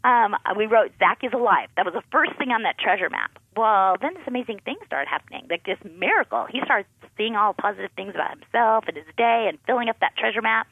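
A woman, a pastor's wife and author, telling lively family stories as a radio guest and acting out the dialogue. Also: medium pitch, a little fast, gravelly, hardly any pauses, dry recording. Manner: lively anecdotes, acts out quoted dialogue. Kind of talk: animated personal storytelling in a radio interview. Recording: phone-like narrow sound.

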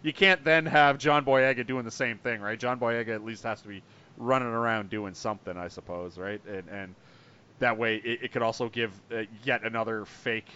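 A man co-hosting a podcast, talking casually and animatedly, swearing and doing quick impressions. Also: mid-range voice, slight background noise. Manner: animated, swearing, mimics voices. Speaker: podcast co-host. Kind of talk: casual chat. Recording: muffled lo-fi audio.

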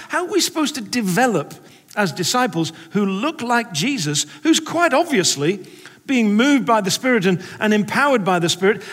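An English preacher delivers a sermon with rhetorical questions and humorous stories. His voice sits high for a man, and a long reverb fills the hall around him. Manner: animated, rhetorical, humorous storytelling.

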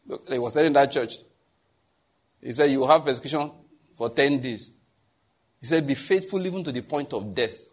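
Male preacher, husky voice, lively sermon style with laughs and asides to the room. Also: medium pitch. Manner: animated, laughs often, asks the audience questions. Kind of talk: sermon teaching.

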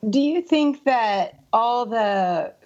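A woman's voice: on the high side, animated, drawn-out words, a little mellow. Woman co-host on muffled audio. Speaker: co-interviewer.

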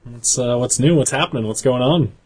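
A man co-hosting a casual podcast, joking around and laughing loudly. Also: medium pitch, fairly quick, husky, low-quality recording. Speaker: podcast co-host. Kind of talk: casual chat.

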